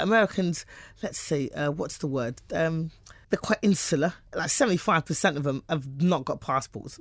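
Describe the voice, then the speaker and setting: A woman's voice: deep voice, dry recording, studio quality. A woman from England with a British accent, a comedian in a casual interview, talking in a brash, boastful, jokey way. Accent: British English.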